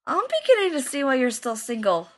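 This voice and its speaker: A woman's voice: high-pitched, big pitch swings, brisk, voice pushed up. A woman reading aloud and voicing a cocky, crude young man who teases his friend. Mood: mocking. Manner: loud, mocking, swearing freely.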